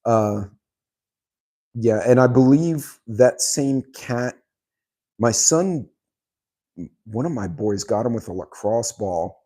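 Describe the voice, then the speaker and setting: A man's voice: medium pitch, animated, slow, long pauses, warm tone. A middle-aged man hosting his channel, casually reading viewer comments and telling a rambling story, with many ums and frequent laughs. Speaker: channel host.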